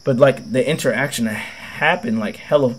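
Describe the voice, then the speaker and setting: A young man with a cold hosts a gaming video, telling a rambling, slangy story packed with swearing as casual gameplay commentary. His mid-range voice has a breathy edge and moves at normal speed.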